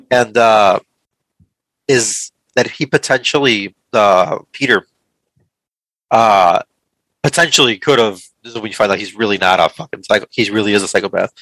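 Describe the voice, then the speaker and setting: A man's voice: on the low side, normal speed, pauses often, fairly bright tone, no echo, rough recording. A man co-hosting a movie podcast, talking in a casual, hesitant way with lots of fillers and restarts. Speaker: podcast co-host. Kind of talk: casual movie review chat.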